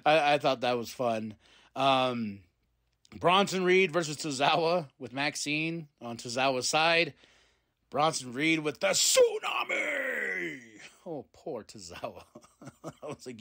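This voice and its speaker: A man recaps a wrestling show in casual, rambling podcast talk. His voice sits a little higher than most men's, and he keeps slipping into quick impressions of the wrestlers' lines. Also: lively intonation, a bit bright. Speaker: podcast host.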